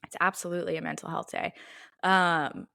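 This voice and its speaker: A woman's voice: lowish voice, fairly even intonation, brisk, gravelly, sharp tone, no echo, clean studio sound. A young woman co-hosting a casual podcast, chatting with laughs and trailing asides. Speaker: podcast co-host. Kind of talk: casual chat.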